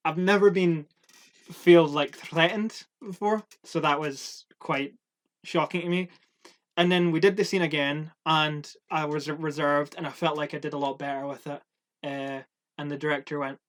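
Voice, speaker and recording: A man's voice: fairly high pitch, moderate pace. A young man, casually telling work stories on a podcast, acting out quotes and swearing freely. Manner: animated storyteller, acts out quotes, swears. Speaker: podcast co-host. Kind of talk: casual chat, storytelling.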